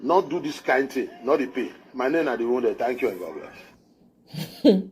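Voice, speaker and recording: A man's voice: mid-range voice, animated, normal speed. A man with a Nigerian accent giving a livestreamed political commentary, emphatic and scolding, repeating his points.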